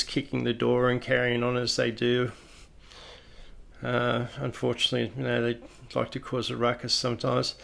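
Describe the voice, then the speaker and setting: A man's voice: medium pitch, creaky, a bit bright. An Australian man who is a police officer, telling a personal story in a plain-spoken, reflective, conversational way.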